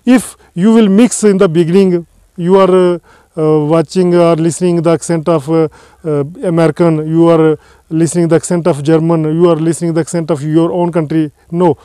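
A man giving a spoken lesson, halting often with "uh" between phrases. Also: a little high, steady tone, mellow, clear, resonant tone, dry recording. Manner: hesitant, many "uh" fillers. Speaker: English teacher.

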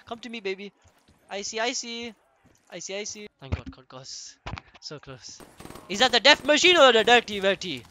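Young man, excitable game commentary, high-pitched, swoops up and down a lot. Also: normal speed. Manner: loud, excitable, repeats phrases. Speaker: gaming streamer.

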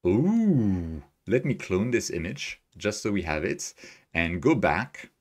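Guy with a kinda low voice talking through his screen on a live stream, upbeat, reads chat. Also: sing-song, takes it slowly, a little mellow. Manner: thinking aloud, upbeat, chatty with viewers. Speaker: astrophotography streamer. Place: home desk, Tokyo.

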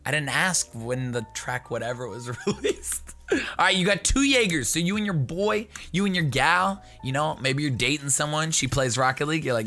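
A young man hosting a gaming video, excitable and jokey, bursting into shouts as he comments. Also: fairly high pitch, normal speed, soft background music.

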